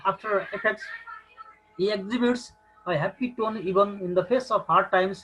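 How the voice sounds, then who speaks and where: A man's voice: sits high, fairly bright tone, rough recording. A man with a Nepali accent teaching a recorded English lesson, hesitant and full of filler sounds.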